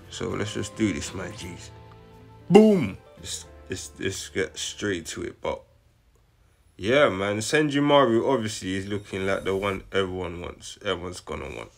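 A young man, giving slang-heavy, excitable commentary straight to his viewers. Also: fairly low pitch, measured pace, vocal fry, soft background music. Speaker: gaming channel host. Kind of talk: casual live commentary.

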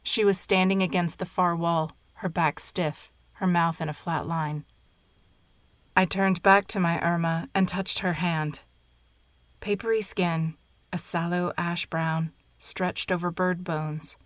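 A woman narrating a short story in a measured, even storytelling manner. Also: lowish voice, no echo.

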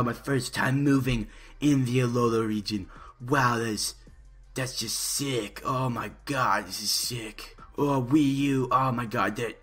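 Young guy stammering thru an overhyped lets play, bright husky voice. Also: mid-range voice. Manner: stammering, overhyped and mock-earnest. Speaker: YouTuber. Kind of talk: parody let's play commentary.

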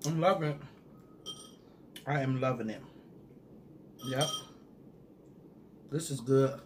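A man's voice: mid-range voice, takes it slowly, noisy background. A man in a casual food-review vlog who chats straight to his viewers and hums and murmurs while he eats. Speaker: mukbang vlogger reviewing a sauce.

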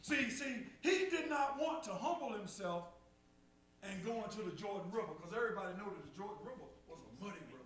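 A man's voice: high voice, lively intonation, fast, fairly bright tone. A man preaching a call-and-response sermon, repeating phrases and rising in fervor. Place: church sanctuary. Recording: echoey church from far off, faint hum.

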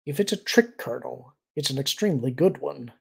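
A man voicing an older male admiral who speaks calmly and evenly with a dry edge. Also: mid-range voice, creaky, breathy edge, heavily acted. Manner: calm, measured, dry.

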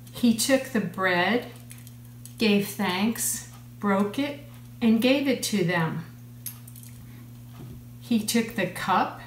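A woman speaks slowly and gently, leading a children's communion talk. The room is echoey, and a faint hum sits behind her voice. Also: medium pitch. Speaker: church communion leader.

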